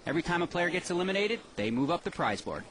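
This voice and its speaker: A man's voice: high voice, very animated, fast talker, background noise. A man giving TV poker commentary, explaining the strategy behind each hand.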